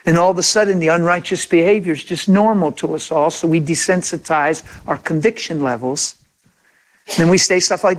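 A man's voice: high-pitched, brisk. A man preaching a sermon in an impassioned, conversational way, acting out imagined quotes.

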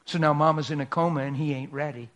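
A man's voice: fairly high pitch, fairly even intonation, fast, a bit bright. A man preaching a sermon as a pastor, telling a story in a dramatic, folksy and emphatic way.

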